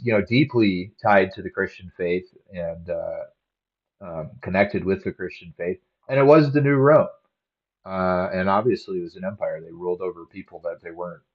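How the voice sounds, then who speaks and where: A man hosting a solo podcast, talking casually with many pauses and fillers. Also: lowish voice. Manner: slow, halting, many fillers. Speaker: podcast host. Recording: dull lo-fi audio.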